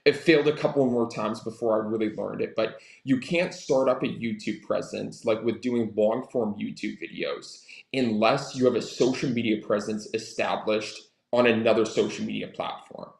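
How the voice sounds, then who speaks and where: Young man with a gravelly voice. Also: fairly low pitch, steady tone, reverberant. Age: young adult. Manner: fast, filler-heavy with frequent "like". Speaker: guest, social media marketing entrepreneur. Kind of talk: interview answers, casual business advice.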